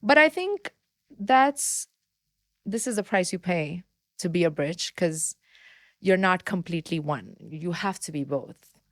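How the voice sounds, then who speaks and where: Candid and quick to laugh, the same India-raised woman in her thirties talks heartfeltly and expressively during a podcast interview. The studio-quality recording is dry, and her voice sits on the low side.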